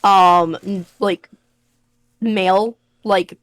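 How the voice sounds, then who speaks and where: A woman in casual group chat on a voice call, playful and quick to giggle. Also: mid-range voice, steady tone, dry recording. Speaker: stream co-host.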